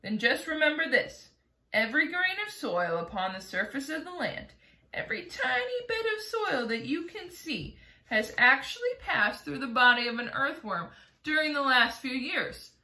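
Storybook: woman as fussy indignant earthworm, bright, echoey. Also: high voice, very animated, moderate pace, voice pushed up, exaggerated voice. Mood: earnest. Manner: indignant, earnest. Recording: roomy echo.

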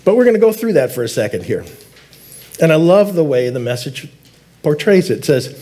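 A man preaching a sermon as lead elder in a church, earnest, repeating key words and slowing down to stress them. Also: a little high, very animated, mellow. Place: church sanctuary.

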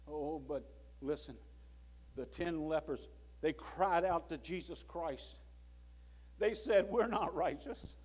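A man preaching a sermon in a church, swinging from loud pleading to hushed low tones and acting out prayers and God's words. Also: slow pace. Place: church sanctuary.

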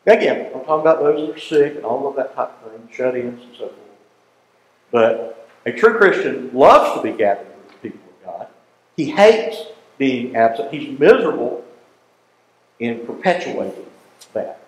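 A man teaching a Bible class in a folksy, animated way, often asking the class questions. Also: medium pitch, normal speed, pauses often, roomy sound, rough recording.

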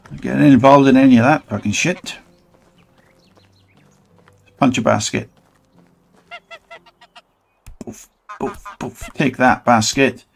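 A man's voice: mid-range voice, steady tone, unhurried, creaky, long pauses, husky. A man rambling and swearing through a let's play, mocking the game as he goes. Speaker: gaming channel host.

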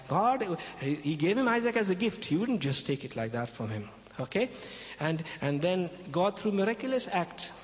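Male preacher, slightly high voice, emphatic, repeats himself, large hall with long reverb. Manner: emphatic, repeats phrases, many fillers. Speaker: Christian preacher in a debate. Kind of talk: preaching, retelling a scripture story.

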